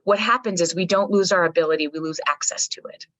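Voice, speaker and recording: A woman psychologist appears as a guest on a podcast, talking emphatically and energetically, swearing casually and checking in with "right?" and "okay". Her voice is lowish, fast and fairly bright, recorded at low quality with no echo.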